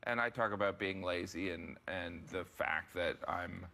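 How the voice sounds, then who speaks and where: Deadpan joking middle-aged man, bright voice. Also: deep voice, measured pace, gravelly, slight background noise. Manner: deadpan joking, self-deprecating. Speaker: guest comedian. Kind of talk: talk show interview.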